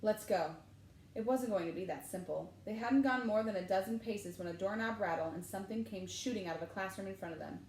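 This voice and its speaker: A woman teacher reads a story aloud in an animated way, changing her voice for each character. Her voice sits in a medium range. The room is echoey, with a faint hum behind her. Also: medium pitch, quick pace, hardly any pauses.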